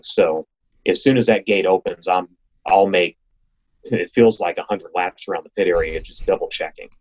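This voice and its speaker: A racing announcer appears as an interview guest, chatting casually and enthusiastically about his work in quick bursts with frequent restarts. He has a deep, steady, slightly mellow voice, recorded with lo-fi, slightly dull sound.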